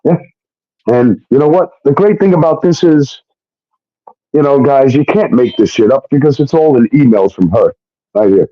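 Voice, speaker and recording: A man's voice: mid-range voice, normal speed, no room sound. A man telling a long profane story, acting out the voices of the people in it. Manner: animated, acts out quoted voices, swears often. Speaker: show guest telling his story. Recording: dull lo-fi stream audio.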